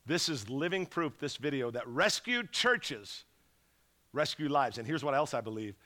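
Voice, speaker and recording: A man's voice: medium pitch, normal speed. A man preaching as a guest pastor in a church, telling stories with energy and acting out the voices of the people who called him. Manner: animated, acts out callers' voices. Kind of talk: energetic fundraising sermon. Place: church sanctuary.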